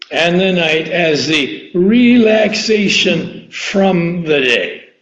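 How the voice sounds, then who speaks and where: A man with a high voice preaches a sermon at a slow, deliberate pace. He draws out each quoted verse with emphasis and keeps questioning his listeners. The sound is roomy and a little dull. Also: fairly bright tone.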